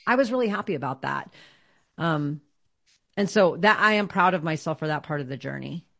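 A woman with a slightly low voice talking openly in a relaxed conversation. She is frank and self-deprecating and laughs easily. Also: fairly quick, creaky. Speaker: author guest. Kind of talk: casual chat.

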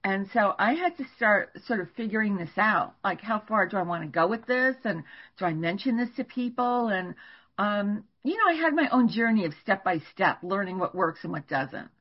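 An older woman, a guest astrologer, telling stories in an animated way and laughing now and then during a podcast interview. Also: medium pitch, moderate pace. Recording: dull lo-fi recording.

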